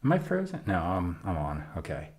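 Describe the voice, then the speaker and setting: Musician on a live stream, male, low and very lively delivery, self-critical asides, voice not fully warmed up. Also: fairly quick. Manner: chatty and self-critical, talking to himself about his takes. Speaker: musician recording his own song on a live stream. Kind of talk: casual live-stream commentary between vocal takes.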